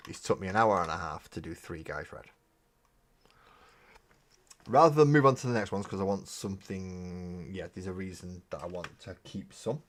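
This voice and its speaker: A man's voice: deep voice, moderate pace, fairly bright tone. A man hosting a casual live stream while painting miniatures, rambling and joking, with casual swearing. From Britain. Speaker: streaming hobby host.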